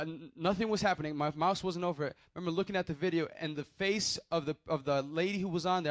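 Animated preaching man, dry close sound. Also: high voice, dry recording. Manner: animated storytelling, calls out "Hello?" to the listeners. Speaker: youth pastor. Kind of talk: sermon testimony.

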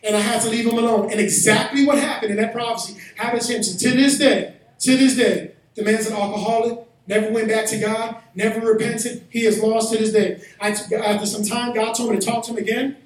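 High-voiced preacher in an echoey hall. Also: male voice, fairly even intonation, brisk. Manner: storytelling, rising to shouted preaching. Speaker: pastor. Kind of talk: sermon. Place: church hall. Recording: echoey hall, mic from a distance.

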